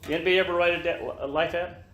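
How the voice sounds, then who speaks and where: An older man giving a slow, emphatic motivational talk to his team in an office meeting room, now and then acting out little scenes in other voices. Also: a little high, steady tone, a bit bright, a little hiss or hum. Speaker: business leader speaking to his team. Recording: echoey room.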